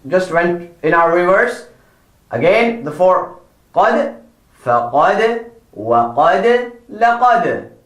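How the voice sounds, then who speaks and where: Slow, patient man teaching pronunciation. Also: sits high, very animated, a bit bright, reverberant. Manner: drawn-out model words, repeated corrections, encouraging praise. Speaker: Quran recitation teacher.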